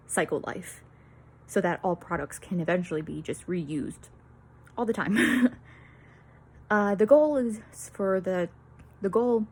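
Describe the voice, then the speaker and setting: A woman's voice: on the low side, a little mellow, a little hiss or hum. A young woman giving a student presentation, nervous and a little out of breath, with lots of fillers and apologies. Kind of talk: peer-teaching presentation.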